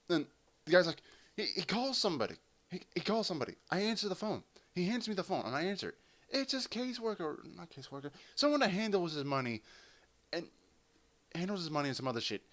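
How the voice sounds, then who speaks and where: High-pitched and quick, a man narrates a sprawling story full of curse words as he plays a game. He comes across as an animated, profane, rambling gameplay commentator telling stories in a casual way.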